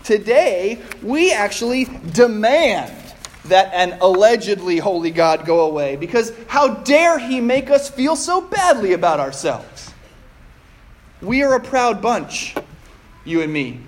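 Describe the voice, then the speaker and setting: Slow-spoken male pastor, higher voice. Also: very animated, slight background noise. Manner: measured, with rhetorical questions and pauses. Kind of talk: sermon.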